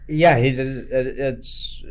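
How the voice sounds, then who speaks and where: Slow-talking older man telling stories. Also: medium pitch, steady tone. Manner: unhurried, rambling storyteller. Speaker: guest attorney. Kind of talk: casual chat.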